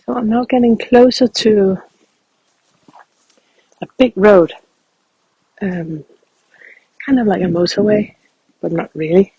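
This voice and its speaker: Man, very breathy husky voice, high-pitched, calm reflective meditation guide, walking outdoors. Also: slow pace, pauses often, no echo, lo-fi sound. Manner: calm, reflective, soft-spoken. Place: outdoors, walking through a field.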